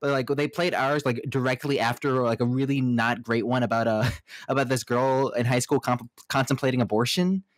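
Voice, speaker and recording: A man's voice: mid-range voice, steady tone, normal speed, dry recording, studio quality. A man co-hosting a podcast, talking casually and hesitantly, often restarting his sentences. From United States.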